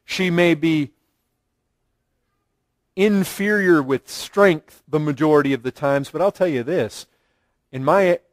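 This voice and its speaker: High-voiced man preaching earnestly. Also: slow, pauses often, no room sound. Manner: earnest preaching with rising emphasis and repeated phrases. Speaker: pastor. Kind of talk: sermon.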